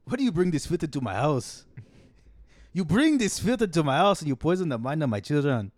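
A man voicing a stern, outraged father in an indignant, booming put-on accent. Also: big pitch swings, a little fast, no echo, studio quality.

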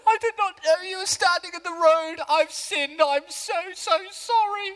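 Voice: extremely high pitch, moderate pace, a bit bright, in a large hall. A man playing a flustered, grumpy old prophet in a church skit, whining and complaining melodramatically. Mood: sheepish.

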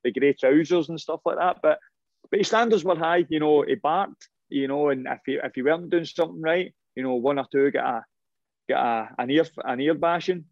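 A middle-aged former professional footballer with a creaky, fairly high voice talks a little fast in a casual interview, telling animated, rambling stories of his playing days and repeatedly restarting his sentences. The recording is dry and close with no room sound and a slightly muffled, dull top end.

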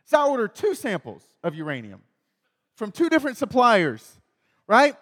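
A high-pitched man tells a story as part of a sermon, animated, excitable and poking fun at himself. His voice rings with the long reverb of a large hall. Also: normal speed. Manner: animated, self-mocking, excitable. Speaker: pastor.

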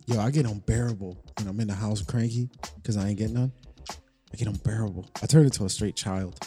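Dude co-hosting a podcast, dark mellow voice, cussing and joking, faint music under it. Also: male voice, lowish voice, fairly even intonation, fast talker. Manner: profane, joking, trails off and restarts. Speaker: podcast co-host. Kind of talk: casual podcast banter.

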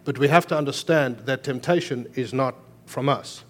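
A man preaching a sermon as pastor, moving between emphatic raised lines and quiet, earnest explanation. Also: medium pitch, normal speed.

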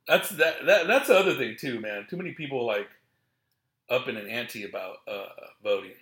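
A man's voice: medium pitch, animated, moderate pace, fairly bright tone. A man telling casual, profane stories from his shows, full of slang and acted-out quotes. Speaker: comedian talking about his shows. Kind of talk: casual rambling chat.

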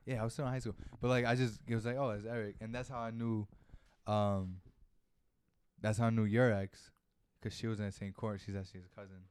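A man's voice: fairly low pitch, flat delivery, brisk, darkish tone, clean tone. A man, co-hosting a podcast in loose, profane casual chat. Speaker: podcast co-host.

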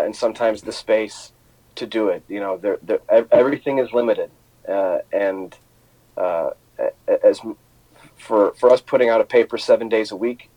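A man hosting a sports podcast, talking off the cuff with lots of halting restarts and fillers. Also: fairly low pitch, dark tone, no echo, poor audio. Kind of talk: unscripted commentary.

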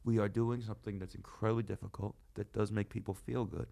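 Comedian-host, male, 30s, casual banter, animated delivery. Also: lowish voice, fast talker, gravelly. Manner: animated, swings loud and soft, swears freely. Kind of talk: casual chat.

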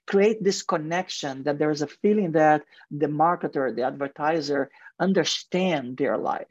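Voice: medium pitch, normal speed, dry recording. A guest in marketing and advertising speaks earnestly in a radio interview with a heavy accent and frequent restarts. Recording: dull lo-fi radio sound, dry.

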